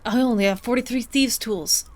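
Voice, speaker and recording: A woman's voice: a little high, moderate pace, noisy background. A woman streaming a video game, reading its text aloud with wry, chatty asides.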